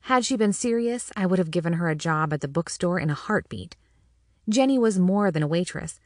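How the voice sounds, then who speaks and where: Woman audiobook narrator, wry humor, first-person, lowish voice, dry close sound. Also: animated, a little fast, a little mellow, no room sound.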